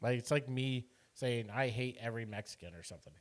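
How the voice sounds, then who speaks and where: A man's voice: mid-range voice, brisk. A man from Iowa co-hosting a casual podcast, talking in loose rambling runs and laughing easily. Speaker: podcast co-host. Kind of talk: casual chat.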